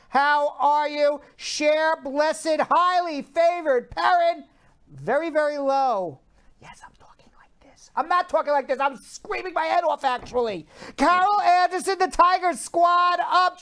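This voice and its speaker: An energetic middle-aged man hosts a live-stream show. His voice sits very high for a man as he greets viewers and reads their comments one after another. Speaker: host.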